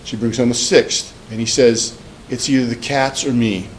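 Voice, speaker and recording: A man's voice: medium pitch, fairly even intonation, normal speed, slight background noise, low-quality recording. A man, a professor, lecturing to a class and telling a rambling personal story with many fillers and restarts. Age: older. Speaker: psychology professor.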